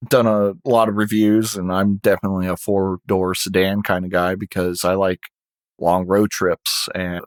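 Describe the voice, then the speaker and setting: A man's voice: sits low, little pitch movement, normal speed, no room sound. A man co-hosting a podcast in casual chat, laid-back and rambling with lots of fillers. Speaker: podcast co-host.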